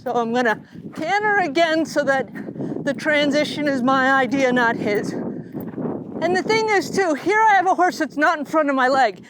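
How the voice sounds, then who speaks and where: A middle-aged woman riding instructor explaining calmly while riding, talking to her horse now and then. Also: high-pitched, moderate pace. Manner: calm, coaching, talks to the horse between explanations. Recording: noisy outdoor recording.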